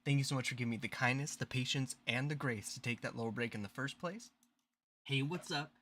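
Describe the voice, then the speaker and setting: A man's voice: mid-range voice, steady tone, fast talker, sharp tone, slight background noise. A man hosting a casual gameplay livestream, chatting playfully and with hype to his viewers. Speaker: streamer and channel host.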